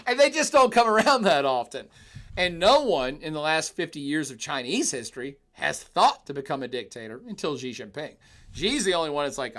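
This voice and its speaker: A man's voice: a little high, fairly bright tone. Joking male lecturer on a livestream. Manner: joking, irreverent, chatty asides. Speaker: university lecturer. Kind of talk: livestreamed lecture, reading chat.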